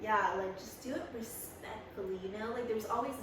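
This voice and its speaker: A woman's voice: mid-range voice, steady tone, moderate pace, a bit bright, a little hiss or hum. A young woman co-hosting a podcast, chatting casually in a blunt, profane way and laughing often. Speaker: podcast co-host. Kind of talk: casual chat. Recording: echoey room, mic far off.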